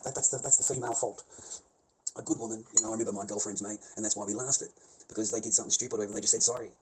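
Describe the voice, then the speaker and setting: A man's voice: on the low side, fairly even intonation, very fast, mellow. A man with an Australian accent ranting in a rambling, profane way, repeating himself and laughing between lines. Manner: swears constantly, repeats himself, laughs mid-sentence. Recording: noisy background hiss.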